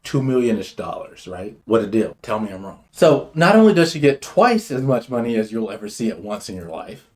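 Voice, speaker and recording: A man hosting a commentary show, talking in a brash, swaggering and profane way, jumping from loud bursts to muttered asides. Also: fairly low pitch. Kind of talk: opinionated commentary monologue.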